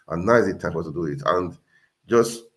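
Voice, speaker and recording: A man's voice: deep voice, fairly quick. A man hosting a casual livestream, talking earnestly and repeating himself as he urges viewers on. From Nigeria. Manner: earnest, repetitive, exhorting. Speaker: livestream host.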